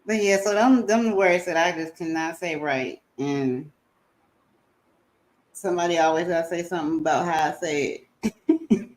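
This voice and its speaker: A woman's voice: fairly low pitch, moderate pace, long pauses, a little mellow. Woman, livestream co-host, casual chat, giggly, self-mocking. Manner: giggly, laughs at herself.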